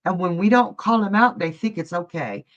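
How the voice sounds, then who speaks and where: A woman's voice: lowish voice, expressive, normal speed. A woman hosting a live psychic reading stream, talking in a chatty, folksy way and calling viewers honey and love. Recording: dull lo-fi stream audio.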